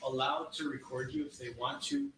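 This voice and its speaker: A man's voice: a little high, sing-song. Man cross-examining from far off. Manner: pressing, measured yes-or-no questioning. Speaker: attorney questioning a witness. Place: courtroom. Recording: distant mic in echoey courtroom, noisy.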